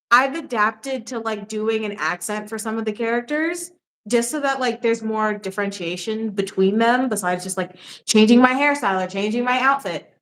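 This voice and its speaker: A young woman hosts a casual livestream, chatting freely and laughing often. Her voice sits a little high and bounces all over the place as she talks. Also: a bit bright. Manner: chatty, laughs often, reads viewer questions. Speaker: livestream host.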